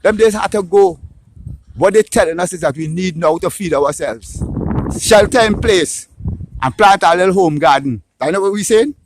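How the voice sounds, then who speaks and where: A man's voice: high voice, normal speed, background noise. A man with a Trinidadian accent in a casual, opinionated monologue, ranting with swearing and often tagging his points with "right?". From Trinidad and Tobago. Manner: animated, ranting, swears, tags lines with "right?".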